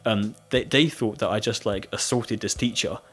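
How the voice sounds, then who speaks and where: A young British man with a husky voice, casually telling a school story with lots of "like" fillers and laughter. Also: lowish voice, steady tone, moderate pace, a bit bright. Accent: British English. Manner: rambling storytelling with frequent "like" fillers, laughing often. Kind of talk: casual chat.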